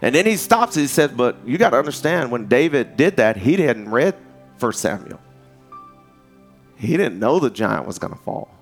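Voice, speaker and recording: A man preaching a sermon in an animated, storytelling way, jumping up in pitch when he acts out quoted voices, speaking. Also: normal speed, soft background music.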